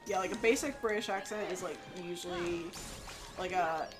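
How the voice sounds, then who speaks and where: A woman's voice: on the low side, moderate pace, music in the background. Young American woman, general accent, gaming co-host, talkative explainer, casual. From United States. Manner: chatty, explains at length with many fillers. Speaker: co-host of a let's play.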